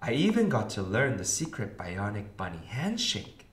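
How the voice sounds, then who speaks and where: A man voicing an excited little girl, bossy and sweet, in a storybook read-aloud. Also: moderate pace. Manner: high and eager. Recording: roomy echo.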